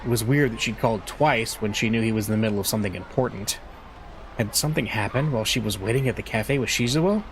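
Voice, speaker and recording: A man reading game text aloud in an expressive way, with casual asides as he plays. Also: fairly low pitch, quick pace, a little hiss or hum. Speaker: let's play host reading a visual novel. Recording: voice over game music.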